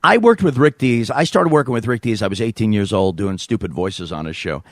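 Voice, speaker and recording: Guy in his 30s hosting a podcast, animated storytelling, super dry close sound. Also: fairly low pitch, a little fast, few pauses, no room sound. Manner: animated, slips into voices and quotes. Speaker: podcast host. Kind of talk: comic storytelling.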